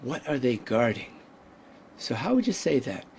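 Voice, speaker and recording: A man teaching a Hebrew lesson, speaking deliberately and pausing to let learners answer. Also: medium pitch, very animated, vocal fry, darkish tone, a little hiss or hum. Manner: deliberate, drawn-out pronunciation with pauses. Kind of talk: slow, patient language lesson.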